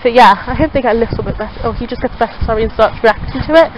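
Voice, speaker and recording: Young Liverpool woman for a rambling outdoor dog-walk vlog, slightly high voice, recorded on a phone with clear background noise. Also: racing, lo-fi sound. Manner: chatty, rambling, talks to her dogs in a high sing-song voice. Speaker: pet vlogger. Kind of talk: casual vlog while walking dogs. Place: outdoors in a local field.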